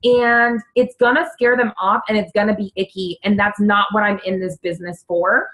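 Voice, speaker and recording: A young adult woman coaching her team on a call, earnest and animated, with quick bursts and lots of "like". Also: mid-range voice, low-quality recording. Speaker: fitness coach.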